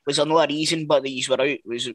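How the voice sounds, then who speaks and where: A man's voice: on the high side, fairly even intonation, quick pace, fairly bright tone. A man with a Scottish accent, co-hosting a podcast in casual chat, blunt and sweary. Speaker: podcast co-host.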